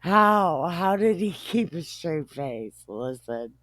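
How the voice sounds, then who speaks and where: A woman's voice: fairly low pitch, expressive, takes it slowly, fairly bright tone, no echo. A woman host retelling a Bible story casually, irreverent and profane, often joking.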